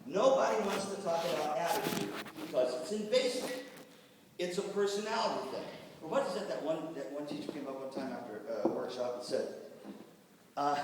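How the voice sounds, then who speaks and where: A man giving a lively workshop talk to music teachers, telling jokes and doing quick voices for the people in his stories. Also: fairly high pitch, noisy background. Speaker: workshop presenter on band administration. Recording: echoey hall, voice from far off.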